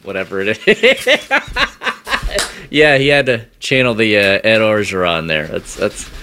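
A man's voice: fairly low pitch, sing-song, moderate pace, bright, forceful tone, a little hiss or hum. A man co-hosting a sports radio show, bantering in a playful, teasing way. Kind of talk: casual on-air banter.

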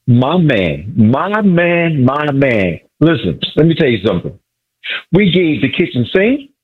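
A man's voice: on the high side, very animated, measured pace, slightly rough. A man calling into a sports radio show, an exuberant fan who repeats himself and stumbles over his words. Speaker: caller. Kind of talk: excited sports radio call-in. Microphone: phone from a car. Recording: muffled lo-fi phone line.

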